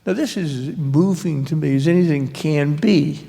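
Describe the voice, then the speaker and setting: A man guest author telling a family story at a live library talk into a handheld mic, in a rambling, self-deprecating way with halting restarts. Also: on the high side, steady tone, vocal fry, mellow. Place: public library event hall. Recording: echoey hall.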